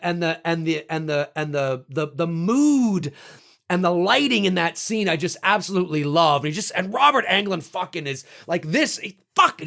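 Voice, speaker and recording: A man with a high, gravelly voice talks casually to camera. He is animated and excitable, tossing in swear words and acting out bits with sudden loud bursts. His tone stays bright and forceful. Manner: animated, swears freely, acts out quotes with loud outbursts. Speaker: YouTube host ranking horror kills.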